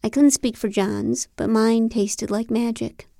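A woman narrating a novel in the first person, with a wry, deadpan delivery. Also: on the high side, measured pace, no echo, studio quality. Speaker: audiobook narrator.

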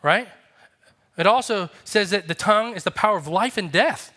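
Bright-voiced pastor preaching earnestly. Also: male voice, high voice, lively intonation, moderate pace. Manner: earnest, confessional, acts out quoted voices. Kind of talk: sermon.

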